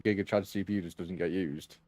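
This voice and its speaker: A man's voice: sits low, fairly even intonation, fast, darkish tone, dry recording. A man streaming sim racing, chatting casually and laughing a lot, trailing off mid-story. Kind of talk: casual chat.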